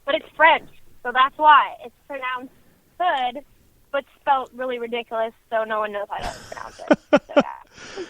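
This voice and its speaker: Bright high-voiced woman chatting. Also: moderate pace, no echo, low-quality recording. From Canadian prairies. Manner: chatty rambling storyteller, many "like"s. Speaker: radio co-host. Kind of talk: casual radio chat.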